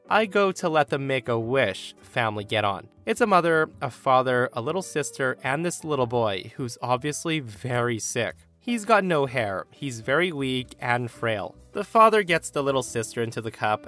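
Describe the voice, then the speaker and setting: A man narrating online stories aloud to his listeners, expressive and emphatic, often calling them guys. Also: medium pitch. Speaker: story narrator.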